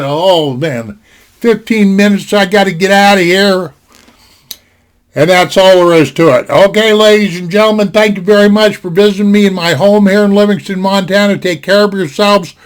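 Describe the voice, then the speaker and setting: A man telling a personal story to camera from his home in a rambling, folksy way, full of fillers and restarts. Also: sits high. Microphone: desktop computer mic.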